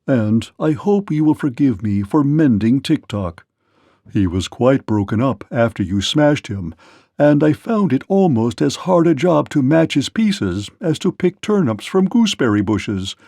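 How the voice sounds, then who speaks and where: A loyal gnome servant from a storybook, earnest and a little proud, as a man puts him on and speaks deferentially in a slightly raised voice. The voice has a gravelly grain and sounds close and dry. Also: mid-range voice, sing-song, unhurried, dark tone, no room sound. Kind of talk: storybook read-aloud.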